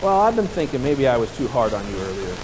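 A man voicing a tired, irritated father who speaks gruffly and loses his temper. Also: mid-range voice, very animated, fast talker, noisy background, lightly acted. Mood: apologetic.

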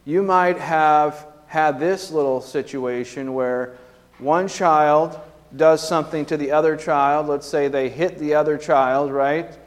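Man, pastor, conversational sermon, fairly high voice, long hall reverb. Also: steady tone, slow pace. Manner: conversational preaching, frequent tag questions and fillers.

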